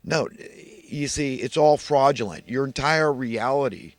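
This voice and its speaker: A man's voice: medium pitch, measured pace, no echo. Man ranting in a dry voice. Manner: emphatic, repetitive, preachy. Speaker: vlogger. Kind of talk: solo rant monologue.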